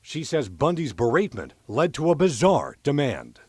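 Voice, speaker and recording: A male TV news reporter giving scripted, dramatic crime-story narration in a measured delivery. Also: medium pitch, huge pitch swings, a little mellow, slight background noise.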